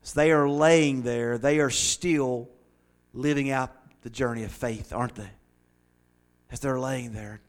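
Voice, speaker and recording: Male preacher delivering a sermon, emphatic, repeats lines for effect, mid-pitched voice that climbs high and loud when fired up. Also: moderate pace. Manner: builds to loud high-pitched excitement at times.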